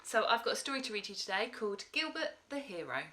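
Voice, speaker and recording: Woman, teacher, children's story read-aloud, bright tone, animated. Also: mid-range voice, fast, a little hiss or hum. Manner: expressive, animated reading.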